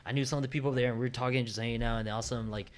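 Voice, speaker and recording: A man's voice: medium pitch, fairly even intonation, very fast. A man in his thirties hosting a casual podcast, talking in a laid-back way and often asking "you know what I mean?". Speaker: podcast host. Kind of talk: casual chat.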